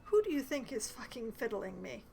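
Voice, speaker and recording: Brief: woman voicing a profane, threatening dock boss for a game read-through, high-pitched and combative. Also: big pitch swings, normal speed, creaky, mellow, a little hiss or hum. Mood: hostile. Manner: aggressive, profane, defensive. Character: foul-mouthed, defensive male dockworker boss. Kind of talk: reading game dialogue aloud.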